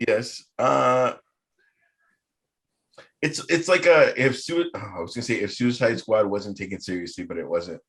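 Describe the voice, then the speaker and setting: A man hosting a podcast in casual chat, animated and swearing freely as he riffs. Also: on the low side, normal speed, long pauses. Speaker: podcast host.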